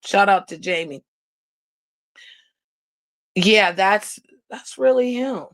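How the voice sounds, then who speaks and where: A woman's voice: medium pitch, slow pace. A woman hosting a livestream, chatting casually with viewers, blunt and sarcastic, laughing often and reading comments aloud. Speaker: livestream host.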